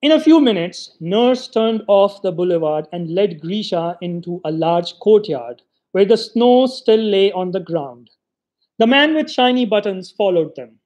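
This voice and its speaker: Male literary reader, high register, expressive storyteller. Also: a little slow. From Pakistan. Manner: expressive storytelling, voices the quoted lines. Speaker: reader of short stories. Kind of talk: literary reading.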